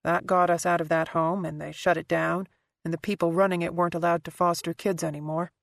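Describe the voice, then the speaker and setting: A woman voicing a quiet, guarded man. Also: little pitch movement, gravelly, dry recording, clean studio sound. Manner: soft, halting, low-key delivery. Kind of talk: audiobook character voice.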